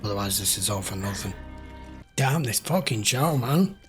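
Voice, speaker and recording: A man hosting a reaction channel who talks back at the screen, blunt and quick to swear. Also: fairly low pitch, animated. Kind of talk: casual reaction commentary. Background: loud show soundtrack music.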